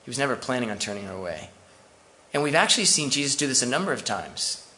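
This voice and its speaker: A man's voice: mid-range voice, sing-song, fast talker, bright, forceful tone, a little hiss or hum. A man preaching a sermon as pastor, conversational and full of asides to the congregation.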